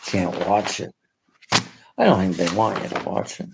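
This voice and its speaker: Gravelly deep-voiced man rambling. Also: very animated, very noisy. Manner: halting, emotional, drops to near-whispers. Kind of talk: rambling personal monologue.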